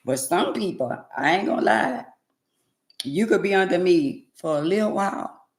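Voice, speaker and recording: A woman's voice: fairly low pitch, animated, moderate pace. Blunt, sassy woman ranting to viewers. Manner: blunt, sassy, preachy, swings loud and quiet. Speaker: livestream host. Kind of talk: casual livestream rant to viewers.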